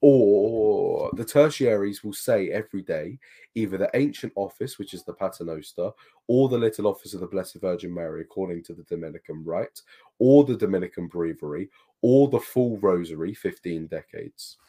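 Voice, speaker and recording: Man, low voice, chatty co-host, emphatic advice-giver. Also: animated, normal speed, warm tone. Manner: thoughtful, reads aloud from books, emphatic advice. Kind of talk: casual chat.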